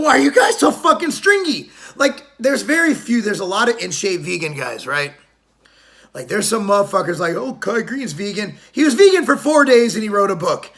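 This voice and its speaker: Brash high-voiced man ranting. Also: pushed and bright. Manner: brash, swearing, mocking. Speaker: fitness vlogger. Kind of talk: profane rant to camera.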